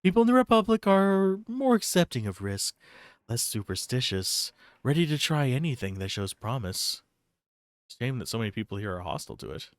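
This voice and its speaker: A man's voice: fairly low pitch, animated, rapid-fire, creaky, few pauses, no echo, studio quality, pitched below the performer's own voice. A man voicing an earnest woman scholar who studies souls, in formal speech with a wavering put-on foreign accent. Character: fussy woman scholar of soul science, earnest. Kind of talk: reading game dialogue aloud.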